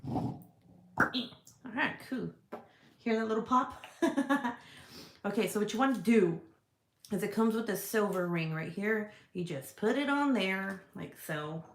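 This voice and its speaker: A woman's voice: mid-range voice, animated, unhurried, gravelly, pauses often, reverberant, a little hiss or hum. A woman hosting a casual livestream, chatty and profane as she answers viewer comments. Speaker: livestream host selling scented products. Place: indoor room.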